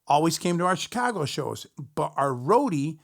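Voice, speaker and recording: A middle-aged man, a musician, casually telling a long profane story to his stream chat, animated and rambling. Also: fairly high pitch, normal speed, vocal fry.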